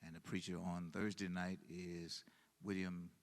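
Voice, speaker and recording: Low-pitched male pastor, halting teaching style that rises for emphasis. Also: flat delivery, creaky. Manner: halting, many fillers and restarts, swells in emphasis. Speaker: pastor leading Bible study. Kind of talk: Bible study teaching.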